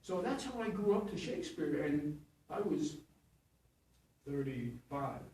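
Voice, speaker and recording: A man's voice: fairly high pitch, sing-song, measured pace, warm tone. A man in his seventies, a stage actor and acting teacher, telling rambling anecdotes in an interview, chuckling and correcting himself as he goes. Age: 70s. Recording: echoey room, distant mic.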